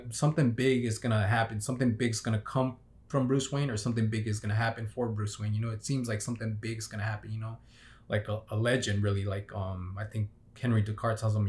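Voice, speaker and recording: A man's voice: lowish voice, steady tone, brisk, darkish tone. A young man giving a casual, unscripted movie review, rambling with many fillers and restarts. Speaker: film reviewer.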